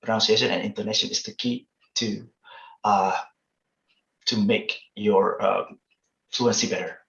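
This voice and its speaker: A man with an Indonesian accent giving relaxed feedback as a presenter in an online workshop, with lots of fillers. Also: lowish voice, a little slow, creaky, reverberant, lo-fi sound. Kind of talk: casual online workshop talk.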